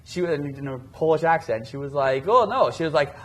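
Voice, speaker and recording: A man co-hosting a dating podcast, chatting casually and telling stories in an animated way, full of filler words. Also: fairly high pitch, a little fast. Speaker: dating coach podcast co-host.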